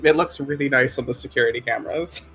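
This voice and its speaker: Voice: mid-range voice, quick pace, a bit bright, breathy edge, faint music behind. A co-host on a stream, dropping dry teasing quips in casual chat.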